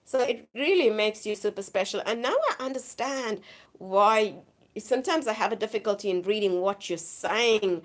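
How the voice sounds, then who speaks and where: A woman's voice: mid-range voice, normal speed. A woman hosting a live stream, chatting casually with viewers and rambling on in an effusive, repetitive way, her voice worn from the flu. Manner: rambling, effusive, repeats herself.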